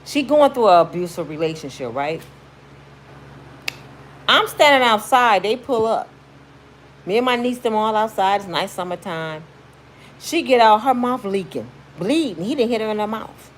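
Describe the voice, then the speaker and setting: Telling a story at normal speed with frequent pauses, a mid-range-voiced woman vlogger gives casual, emphatic commentary over slight background noise. She's blunt and slangy, animatedly acting out people's words in shrieks.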